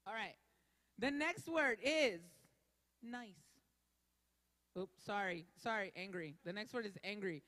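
A woman's voice: mid-range voice, unhurried, long pauses, fairly bright tone. A woman leading an interactive sermon, playful and drawing answers from the crowd. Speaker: speaker leading a church audience. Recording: echoey hall.

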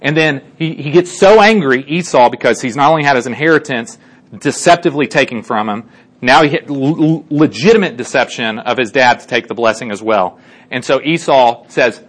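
A man's voice: mid-range voice, a little fast. A man casually retelling a Bible story to a group, chatty, with many fillers and check-ins. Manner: chatty, lots of fillers and restarts, asks listeners for agreement. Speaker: Bible teacher.

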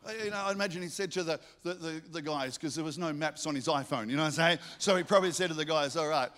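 A male pastor preaching a sermon, stacking up rhetorical questions and telling lively stories. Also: a little high, fast talker.

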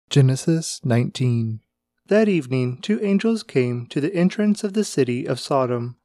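Guy reading bible passages, steady, highish voice, dead dry. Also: no echo. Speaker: scripture reader. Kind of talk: scripture reading.

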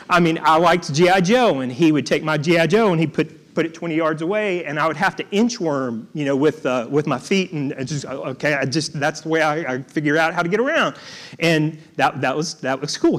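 A man preaching, his voice sitting somewhat high for a man. He tells his story in a halting way, doubling back on words and stopping to joke with the congregation. His delivery is casual and conversational rather than polished. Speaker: guest preacher. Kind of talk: storytelling sermon.

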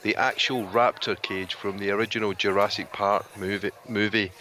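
A man's voice: fairly low pitch, steady tone, normal speed, sharp tone. A man on a podcast panel, sharing news in a dry, matter-of-fact way. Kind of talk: casual chat.

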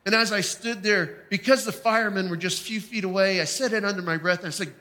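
High, bright-voiced man preaching in a hall. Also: quick pace. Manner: storytelling testimony, emphatic. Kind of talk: sermon. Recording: long hall reverb.

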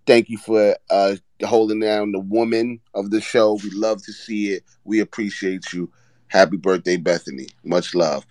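A man's voice: on the low side, steady tone, moderate pace, a little mellow, no echo, low-quality recording. A man hosting a casual sports podcast, talking loosely with lots of restarts and swearing. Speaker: podcast host.

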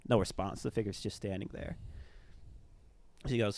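A man's voice: lowish voice, steady tone, normal speed, long pauses, darkish tone. A young man telling a ghost story in casual podcast chat, rambling, with lots of fillers. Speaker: storyteller, former tour guide.

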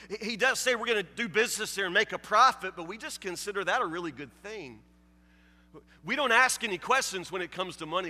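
A man's voice: high-pitched, bright, forceful tone, long reverb tail. A man preaching a sermon as pastor, asking rhetorical questions with frequent stammered repetitions and casual asides. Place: church sanctuary.

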